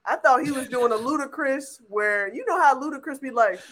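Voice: sits high, fairly quick, a bit bright. A podcast co-host in casual chat, joking loosely and laughing often.

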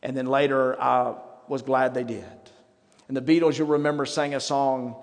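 A middle-aged man preaching a sermon as pastor, conversational and self-mocking, with dramatic pauses. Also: mid-range voice, level tone. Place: church sanctuary. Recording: reverberant church hall with faint music.

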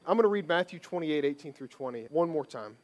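A man's voice: a little high, expressive, quick pace. A man giving a sermon as a pastor, conversational and emphatic, repeating phrases for stress.

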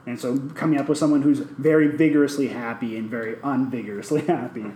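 A young man telling a story casually in a group brainstorm, animated and laughing often as he acts out the people he quotes. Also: medium pitch, quick pace, slight background noise. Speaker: participant in a character brainstorm. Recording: echoey room with faint ambience.

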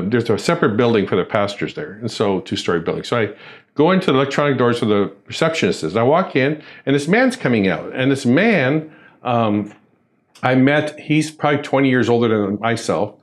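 A man tells a personal story in conversation, his voice rising and falling widely. He acts out what each person said with sudden jumps in pitch. His pitch sits in a middle register. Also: expressive, fairly quick. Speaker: church ministry volunteer.

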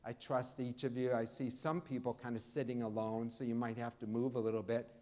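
A man's voice: mid-range voice, level tone. A man preaching a Sunday sermon, talking to the congregation in an easy, conversational way and leaning hard on key words. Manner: preaching, warm conversational pauses, emphatic rises. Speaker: pastor. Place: church.

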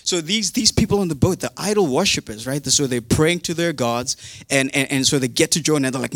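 A man's voice: on the high side, a little fast, a bit bright, dry recording, studio quality. Chatty, humorous male preacher. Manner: chatty and humorous, with modern slang. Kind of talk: casual sermon retelling a Bible story.

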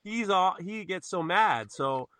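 A man's voice: high-pitched, expressive, slow, bright, forceful tone, no room sound. A man guesting on a podcast, chatting casually in a rambling, self-interrupting way and swearing freely. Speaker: podcast guest, knife maker.

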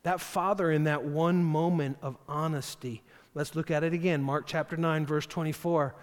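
A man preaching a sermon as pastor, animated and acting out the voices of the figures he quotes. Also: fairly high pitch, moderate pace. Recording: long hall reverb.

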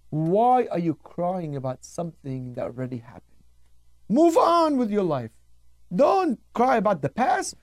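A man's voice: sits high, dark tone. A man voicing a scoffing philosopher who mocks and questions insistently. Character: scoffing male philosopher, adult, sure of himself.

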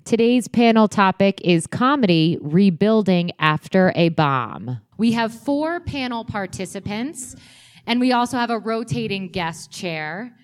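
Woman hosting a panel, upbeat clear intros, normal pitch. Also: lively intonation, unhurried. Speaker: panel moderator.

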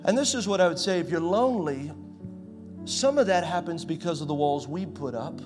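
Man in his forties, pastor, high voice, conversational sermon, soft music underneath. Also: animated, brisk. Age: 40s. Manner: conversational preaching, swings from loud to soft.

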